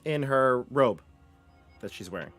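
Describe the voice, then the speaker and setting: A man at a mid pitch narrating a tabletop role-playing game as its dungeon master. He lays out the scene in detail and reads room descriptions to the players. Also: expressive, measured pace, a bit bright, faint music behind.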